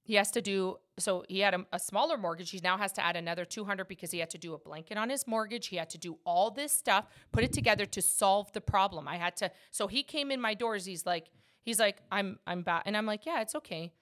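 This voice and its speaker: Passionate, bright-voiced woman mortgage agent. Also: medium pitch, fast. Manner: passionate and emphatic, rants about her work. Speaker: mortgage agent and podcast host. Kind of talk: casual podcast chat.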